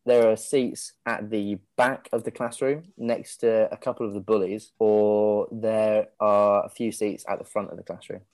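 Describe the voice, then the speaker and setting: Chatty game master. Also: male voice, on the low side, little pitch movement, a little slow, few pauses, darkish tone. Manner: loose, chatty, laughing and restarting. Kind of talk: narrating a comedic tabletop game.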